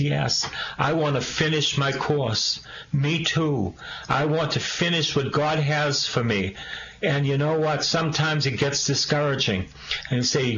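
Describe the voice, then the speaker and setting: A man preaching a sermon, reading scripture aloud and breaking in with quick, emphatic asides to the congregation. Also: a little high, a bit bright. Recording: echoey room, dull lo-fi sound with faint hiss.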